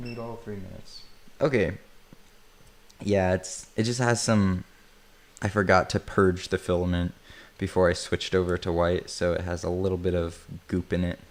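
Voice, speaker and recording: Working on a build during a livestream, this man rambles casually and chuckles often, cracking self-mocking jokes. He speaks at normal speed in a low voice with little pitch movement.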